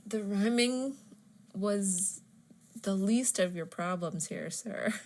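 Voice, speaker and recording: A woman's voice: mid-range voice, takes it slowly, darkish tone. A woman co-hosting a casual podcast, teasing her partner and laughing easily. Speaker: podcast co-host.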